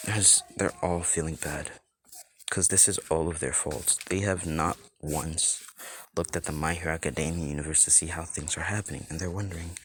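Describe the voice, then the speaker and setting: Brief: low-pitched male storyteller, loose and rambling, improvising a fan story. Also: fairly even intonation, normal speed, a bit bright, a little hiss or hum. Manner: rambling, full of "like" and restarts. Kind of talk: improvised fan-fiction narration.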